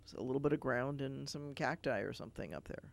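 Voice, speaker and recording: A man's voice: mid-range voice, fast talker, creaky. A man, a rabbi hosting a TV studio chat, explaining ideas thoughtfully with many fillers and restarts. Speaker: rabbi sitting in as TV show host. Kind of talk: casual studio conversation.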